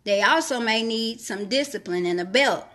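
Reading scripture aloud and then commenting on it, a woman delivers a devotional sermon urging listeners to trust God, with repeated phrases for emphasis. Her pitch is fairly high and her tone fairly bright, and she sounds animated at a normal speed.

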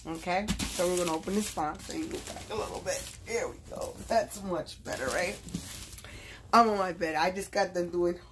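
A woman vlogging casually from her bed, gushing and excitable as she opens a gift box, with lots of fillers. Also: lowish voice, normal speed, background noise. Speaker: YouTube vlogger. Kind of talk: casual unboxing vlog.

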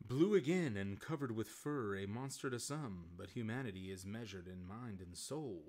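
A man's voice: fairly low pitch, expressive, normal speed, darkish tone. A man reading a comic aloud and voicing a learned blue, furry male mutant who speaks in formal, flowery diction. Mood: lofty.

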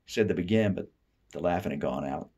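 Reading a short story aloud, a man from the Appalachian United States uses a deep, husky voice and talks fast. His delivery is expressive, dropping soft and low whenever he voices the character's private thoughts.

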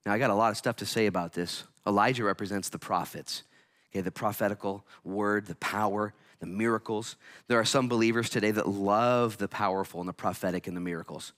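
Guy pastor preaching in church, bright edgy voice, gets loud and hyped, does little voices. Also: fairly low pitch, brisk. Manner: energetic, swings from hushed to shouting, acts out voices. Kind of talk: sermon.

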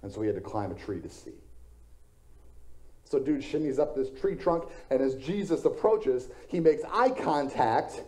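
A man's voice: mid-range voice, lively intonation, normal speed, dark tone. A male pastor preaching a sermon in a conversational storytelling way, slipping in self-deprecating jokes.

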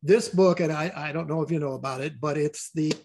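A man's voice: on the high side, brisk, vocal fry, darkish tone, a little hiss or hum. An older man talking as a guest in a casual interview, rambling and repeating words as he tells stories.

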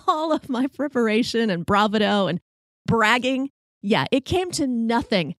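A woman hosting a podcast, telling a funny personal story in a wry, self-mocking, animated way. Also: fairly high pitch, a little slow, dry recording, clean studio sound. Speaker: podcast host.

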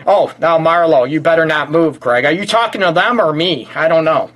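A man's voice: a little high, normal speed, a bit bright. A man from the Detroit area hosting a casual relationship talk show, interjecting and joking as a counselor. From Detroit area, USA. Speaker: host and counselor.

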